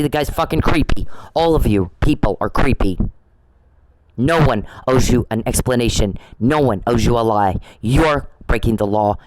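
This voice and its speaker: A man's voice: medium pitch, background noise. A man delivering an angry, confrontational monologue at someone he says is harassing him, repeating himself and swearing.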